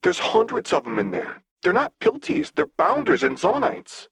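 A man voicing a blunt, earnest young male gang leader with a husky voice. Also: a little high, huge pitch swings, normal speed, a bit bright, dry recording, voice pushed up, heavily acted.

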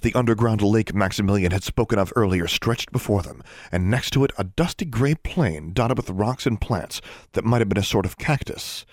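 A man's voice: lowish voice, normal speed, no echo, studio quality. A man reading a fantasy novel aloud as an audiobook narrator, telling it steadily and evenly. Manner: steady, even storytelling with brief voiced dialogue. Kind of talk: scripted narration.

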